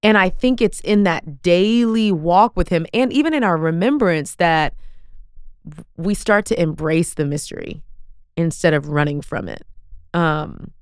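A woman's voice: lowish voice, unhurried, smooth, dry recording, studio quality. A woman, hosting a podcast and talking in an earnest, folksy, emphatic way. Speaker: podcast host. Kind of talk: casual podcast talk.

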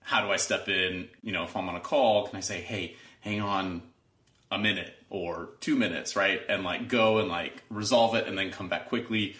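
A man's voice: low-pitched, fairly even intonation, moderate pace, fairly bright tone, roomy sound. A man, a father and lawyer, talking casually about family struggles in a rambling way, full of "like". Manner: rambling, heavy use of "like". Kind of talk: casual conversation.

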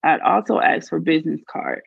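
A woman's voice: low voice, moderate pace, gravelly, slightly rough, dry recording, muffled recording. A woman earnestly narrating her own life story in a first-person reading. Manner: earnest, confessional.

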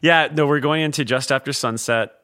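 A man's voice: fairly high pitch, fairly quick, bright, forceful tone. A man co-hosting a podcast, joking and upbeat as he plugs his other show. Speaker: podcast co-host. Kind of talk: casual podcast chat.

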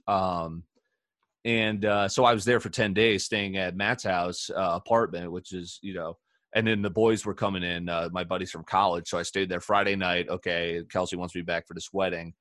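A man's voice: deep voice, fairly even intonation, moderate pace, a bit bright, no room sound, studio quality. A man hosting a casual podcast, telling long rambling stories with filler words and laughs. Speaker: podcast host. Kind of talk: casual storytelling chat.

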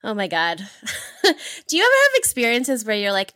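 A woman's voice: on the high side, wildly swooping pitch, moderate pace, bright, forceful tone, no echo. A woman in her thirties from Hawaii, a guest telling travel stories with enthusiasm, laughing often and acting out her own past thoughts. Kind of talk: animated storytelling in an interview.

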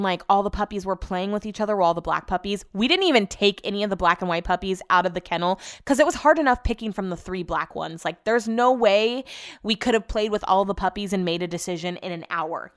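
A woman's voice: medium pitch, brisk, clean tone. A young woman podcast host telling a long personal story in a chatty, rambling way, full of filler words. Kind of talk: casual storytelling.

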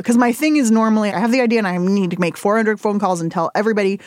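An animated woman in her forties tells stories as an interview guest, her pitch leaping high whenever she acts out her own reactions. She laughs often and talks with candid energy. The sound is dry and close. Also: racing, dry recording. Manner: animated storytelling, jumps high when quoting herself, laughs often. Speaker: interview guest, cookbook author.

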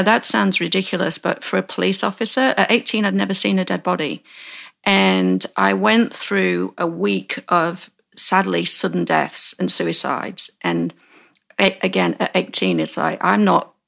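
Lady host in her 40s, low-ish and gravelly, candid, stops and restarts a lot. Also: a bit bright. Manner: candid, halting, self-correcting. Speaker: podcast host. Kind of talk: storytelling in casual chat.

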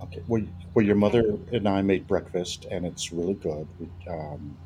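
A man's voice: low voice, moderate pace, dark tone, slight background noise, close to an everyday voice, rough recording. A man voicing a flustered middle-aged father who stammers while scolding his grown vampire son in a comedy improv.

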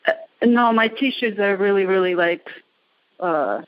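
A woman calls in by phone from a gym bathroom, out of breath. She talks haltingly and keeps searching for words. The line sounds dry and lo-fi. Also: medium pitch, dry recording. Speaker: caller. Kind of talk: phone-in call.

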